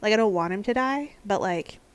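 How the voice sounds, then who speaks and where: A woman's voice: medium pitch, lively intonation, a little fast, smooth. A woman streaming a game live, chatting in a casual, openly emotional way, laughing often and apologizing for tearing up. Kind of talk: live-streamed gameplay commentary.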